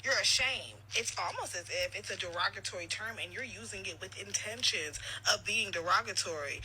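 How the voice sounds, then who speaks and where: A woman's voice: medium pitch, fairly quick, sharp tone, a little hiss or hum, poor audio. A woman giving blunt, sarcastic reaction commentary. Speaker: reaction video creator.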